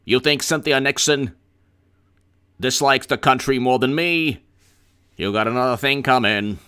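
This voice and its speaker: A man's voice: medium pitch, measured pace, sharp tone, clear, resonant tone. A man doing a pompous politician impression. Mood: smug. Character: mocking impression of a male politician giving a speech.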